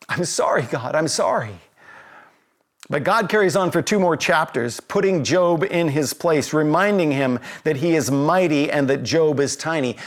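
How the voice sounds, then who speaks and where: A man preaching a sermon, from Canada, earnest and full of rhetorical questions while he reads passages aloud. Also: fairly high pitch. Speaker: pastor.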